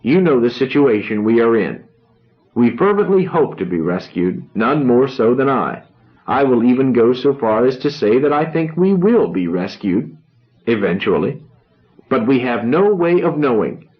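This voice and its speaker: A man reading a novel aloud, voicing a grandiose young orator who speaks solemnly with dramatic pauses. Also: mid-range voice, big pitch swings, highs cut off, natural voice.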